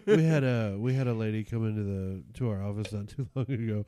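A man's voice: on the low side, fairly quick, dark tone, clean tone. A man hosting a podcast, trading crude jokes in casual banter. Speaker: podcast host. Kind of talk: casual chat.

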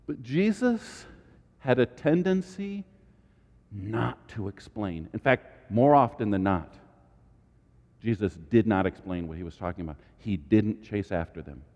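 A man preaching a sermon as pastor, animated, with dramatic asides and sudden high exclamations. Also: unhurried, long reverb tail, lo-fi sound.

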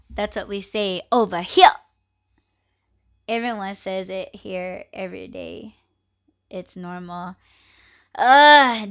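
A woman hosts her own podcast in a loose, unhurried chat, her voice bright and ringing. She drifts into profane rants and laughs easily. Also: medium pitch, clean tone. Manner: ranting, profane, laughs often. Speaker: podcast host. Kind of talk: casual live podcast chat.

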